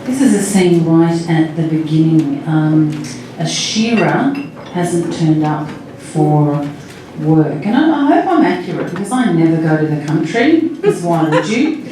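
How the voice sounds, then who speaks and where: A crime writer reading from her novel in a steady way, with joking asides. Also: low-pitched, measured pace. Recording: echoey room, distant mic, faint noise.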